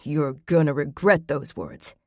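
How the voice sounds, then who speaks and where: A woman's voice: sits low, expressive, measured pace, no room sound, clean studio sound. Hostile bully of a man, threatening and tight-voiced, read by a woman narrator. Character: blustering, threatening middle-aged man.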